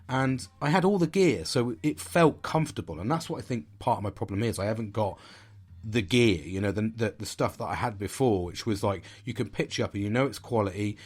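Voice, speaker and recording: A man's voice: medium pitch, slightly rough. A middle-aged man, talking in a blunt, sweary, rambling but earnest way in a casual motivational monologue as a podcast host.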